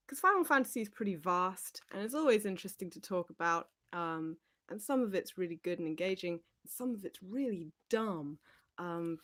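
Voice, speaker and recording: A woman's voice: fairly low pitch, fairly bright tone. A woman teacher chatting casually on a livestream, rambling and giggling, with lots of fillers as she reads out viewer comments.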